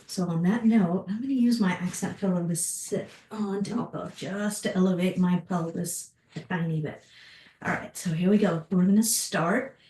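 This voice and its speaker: A woman teaching a Pilates mat class, calmly talking her students through breaths and gentle movements. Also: medium pitch. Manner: calm, encouraging, cueing breaths and movements. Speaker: Pilates instructor. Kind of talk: guided exercise class. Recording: roomy, from a distance.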